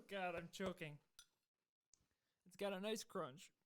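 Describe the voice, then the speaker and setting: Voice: mid-range voice, slow, clean tone. A co-host in casual chat who giggles often and speaks with enthusiasm. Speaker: podcast co-host.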